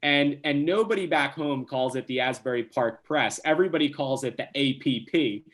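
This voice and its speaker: A young man from New Jersey, a podcast guest telling a casual story with lively, quick restarts. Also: medium pitch. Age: young adult.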